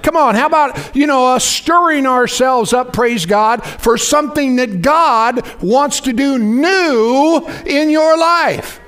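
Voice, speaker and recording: A man preaching a sermon, folksy and lively, calling out to the congregation for responses. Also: very high-pitched, takes it slowly, few pauses, clear, resonant tone.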